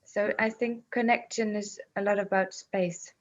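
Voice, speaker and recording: A woman guest who speaks thoughtfully and haltingly, often repeating words as she searches for phrasing. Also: mid-range voice, steady tone, highs cut off. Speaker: interview guest. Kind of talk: reflective conversation, telling a parable.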